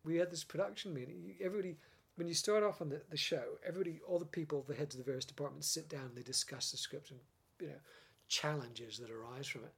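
Gravelly, husky older British man. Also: on the high side, fast. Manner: animated storyteller, laughs often, many restarts. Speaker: interview guest, former script editor. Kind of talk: casual interview chat.

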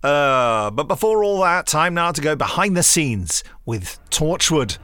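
A man co-hosting a podcast, answering listener emails in a relaxed, hesitant way with many ums. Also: fairly high pitch, unhurried. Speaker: podcast co-host and producer. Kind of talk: casual chat.

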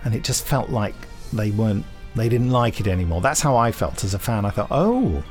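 A man's voice: fairly low pitch, fairly quick, faint music behind. A man hosting a podcast, chatting casually with dry, teasing humour and rambling asides. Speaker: podcast host. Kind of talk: casual chat.

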